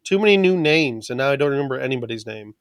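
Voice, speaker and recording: A man's voice: medium pitch, animated, fast, dry recording, clean studio sound. A man co-hosting a podcast, chatting loosely about a TV show in a rambling, joking way. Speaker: podcast co-host. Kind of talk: casual podcast chat. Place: podcast studio.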